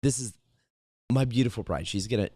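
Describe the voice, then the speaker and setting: A man's voice: mid-range voice, fairly quick, dark tone, husky, no echo. A man hosting a morning motivational livestream, talking straight to his viewers with energy and lots of fillers and restarts. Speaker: host.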